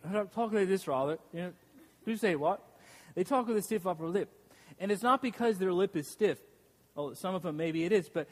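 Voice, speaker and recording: Man, pastor, sermon, self-deprecating humorous storytelling, a little high-pitched, echoing church hall. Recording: long reverb of a large hall.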